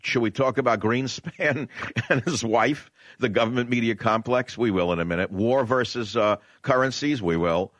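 A man's voice: medium pitch, normal speed, hardly any pauses, fairly bright tone, dry recording. A man with a New York accent hosting a talk radio show, brash and conversational, drawing out words for emphasis in a studio. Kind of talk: opinionated talk radio monologue. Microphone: studio condenser microphone.

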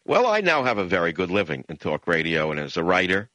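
An older man from the Bronx, hosting a radio talk show in an impassioned, emphatic monologue that swings into high, mocking rants. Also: huge pitch swings, quick pace, sharp tone, dry recording. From the Bronx, New York.

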